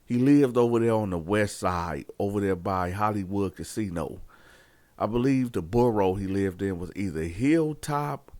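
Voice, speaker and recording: A man's voice: lowish voice, normal speed, dry recording. A man hosting his channel, telling a prison story in casual talk, acting out the dialogue and speaking straight to his viewers. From Columbus, Ohio area. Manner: animated storytelling, acts out dialogue, addresses viewers as y'all.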